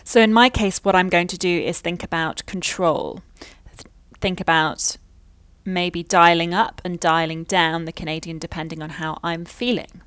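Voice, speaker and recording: A woman's voice: on the low side, fairly even intonation, fairly bright tone, clear, resonant tone, dry recording. Thoughtful British RP woman, dry sound. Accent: modern British received pronunciation. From Wales, UK. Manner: measured and thoughtful, with frequent ums. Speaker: accent and pronunciation teacher. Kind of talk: reflective monologue.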